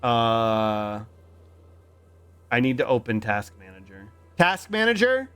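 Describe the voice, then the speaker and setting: A man's voice: mid-range voice, animated, slow pace, fairly bright tone, clear, resonant tone, no room sound, faint music behind. A man streaming a game in casual, playful chat, rambling with lots of repeated fillers. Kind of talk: casual livestream chat while gaming.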